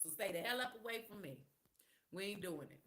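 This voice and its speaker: A woman hosts a live podcast, telling stories in a candid, sassy style loaded with slang. Her mid-range voice is expressive, brisk and slightly bright, suited to casual chat.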